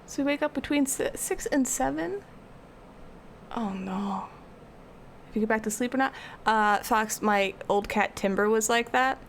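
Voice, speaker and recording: Young woman streamer, casual rambling chat with her viewers, slightly high voice with some fry. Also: moderate pace, few pauses, a little hiss or hum. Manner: rambling and chatty, answering chat. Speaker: art streamer.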